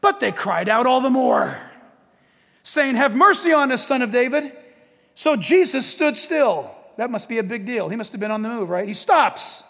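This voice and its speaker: A man preaching a sermon in a lively, joking way, acting out quotes from the text. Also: very high-pitched, normal speed, big-room sound. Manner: animated, jokey preaching with acted-out quotes. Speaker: pastor.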